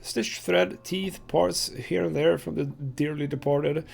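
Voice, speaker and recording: A man's voice: fairly high pitch, steady tone, takes it slowly, gravelly, a little mellow, voice pushed up, exaggerated voice. A man reading the lines of a short, filthy, wheezing male junk trader in a video game. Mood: matter-of-fact.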